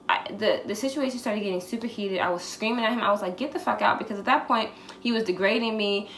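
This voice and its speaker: A woman in her twenties recounts a personal ordeal for her vlog, frank and profane, slipping into the voices of the people she quotes. Her voice sits in a middle register. It rings off the walls of an echoey room, with a faint hiss underneath. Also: mid-range voice. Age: 20s. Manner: candid, profane, animated retelling with acted-out quotes. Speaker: vlogger. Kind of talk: storytime vlog.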